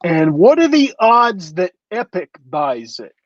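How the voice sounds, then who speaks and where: A man's voice: high-pitched, big pitch swings, slow pace, dry recording, highs cut off. A man co-hosting a casual podcast chat, easygoing and musing as he talks. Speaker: podcast co-host.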